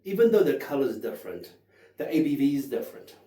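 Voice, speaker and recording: A man's voice: medium pitch, sing-song, fast, warm tone, roomy sound, recorded from a distance, rough recording. A man in his thirties rambling and swearing cheerfully while tasting whisky for his channel. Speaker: whisky reviewer. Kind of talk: casual tasting vlog.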